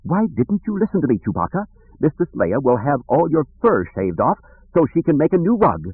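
A man's voice: on the high side, big pitch swings, normal speed, slightly rough, no echo, voice pushed up. A man voicing a fussy, anxious male protocol droid who wails his complaints, on a tinny dry recording. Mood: fretful. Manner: prim and anxious, wailing complaints.

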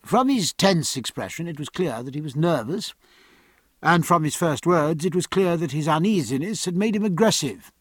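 A man narrating an audiobook in a measured, literary storytelling style. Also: on the high side, expressive, breathy edge, dry recording, studio quality. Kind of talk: scripted narration.

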